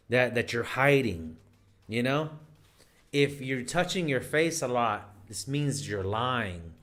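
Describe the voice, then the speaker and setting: A man's voice: mid-range voice, animated, slow, fairly bright tone. A man giving dating advice in a casual monologue, rambling and emphatic with lots of restarts.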